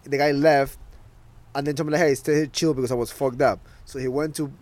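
A man's voice: mid-range voice, fairly even intonation, brisk, darkish tone. Ecuadorian-born man telling stories. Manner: rambling anecdotes with frequent swearing. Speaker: podcast co-host. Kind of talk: casual chat.

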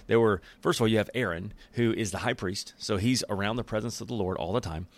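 A man giving a casual, joking Bible teaching in an animated, conversational way. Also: fairly low pitch, fast talker, hardly any pauses.

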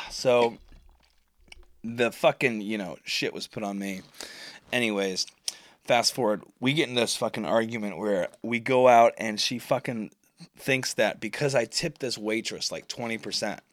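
A man's voice: on the low side, measured pace, fairly bright tone, dry recording. A man, telling a story on his podcast in a rambling, profane, self-mocking way. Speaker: podcast host. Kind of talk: casual storytelling monologue.

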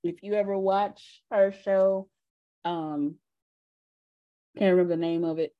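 Slow, easygoing Southern woman podcaster. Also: fairly low pitch, fairly even intonation, highs cut off. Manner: reminiscing, laughing, easygoing. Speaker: podcast co-host. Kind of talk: casual chat.

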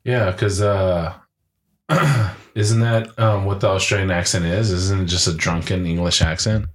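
A man co-hosting a podcast in casual chat, joking and quick to chime in. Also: low-pitched, fairly even intonation, slight background noise. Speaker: podcast co-host.

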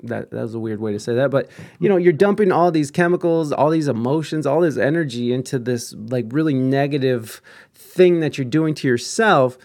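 A man's voice: medium pitch, moderate pace, darkish tone. A man in his thirties talking casually and earnestly, rambling with many restarts and frequent swearing. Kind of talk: casual chat.

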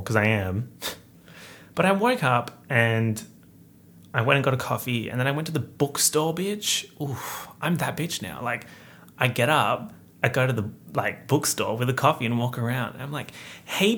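This podcast host is a young Perth man giving a casual, campy catch-up full of slang and jokes at his own expense. He speaks at a medium pitch with a fairly bright tone.

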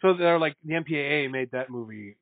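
A man's voice: on the high side, fairly quick, no room sound. A man co-hosting a casual podcast chat, telling stories animatedly and acting out quotes with bursts of laughter. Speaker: podcast co-host. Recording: dry, phone-like narrow sound.

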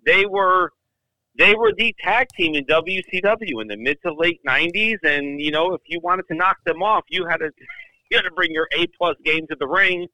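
A man's voice: high-pitched, lively intonation, moderate pace, pushed and bright, no echo, poor audio. A man co-hosting a podcast, chatting and talking emphatically. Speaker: podcast co-host. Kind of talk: casual chat.

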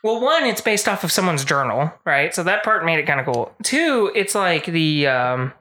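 A podcast co-host walks through a film's story in loose, rambling chat, scattered with fillers and short character voices. The tone is bright and clear. The pitch sits at a middle level. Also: big pitch swings, normal speed. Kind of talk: casual chat, retelling a movie plot.

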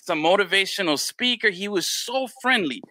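Bright, lively-storytelling man. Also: sits high, normal speed, dry recording. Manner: animated storyteller, swears freely, acts out quoted voices. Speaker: podcast host. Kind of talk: casual chat.

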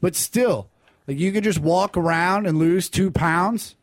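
A man's voice: high voice, unhurried, no room sound, clean studio sound. A man in casual podcast chat, ranting in an exasperated, profane way.

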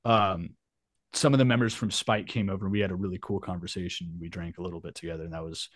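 A man talking as a podcast guest, swearing freely and telling animated stories in casual chat. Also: low voice, fast talker, dry recording. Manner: profane, animated storyteller.

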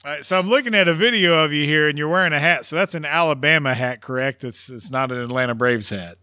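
Male sports podcast host, animated and theatrical, bright, slightly high voice. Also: fast talker. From West Virginia. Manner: animated, ranting, theatrical emphasis. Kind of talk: casual sports talk.

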